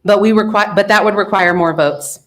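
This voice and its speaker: A woman's voice: medium pitch, moderate pace. A woman from the local chamber of commerce giving an earnest, emotional public comment to a city council.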